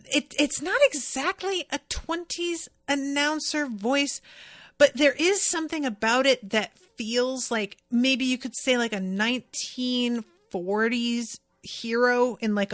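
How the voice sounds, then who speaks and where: A woman's voice: fairly high pitch, animated, measured pace, fairly bright tone, no room sound. Chatty woman podcaster, dry close sound. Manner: chatty, rambling, many fillers and asides. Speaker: podcast host. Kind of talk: casual chat recapping an anime episode.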